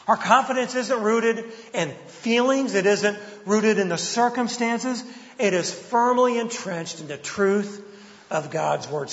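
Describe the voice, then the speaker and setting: A man's voice: high voice, fairly bright tone. A man preaching a sermon, emphatic and rhythmic, stacking short repeated phrases. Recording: muffled sound with long reverb in a hall.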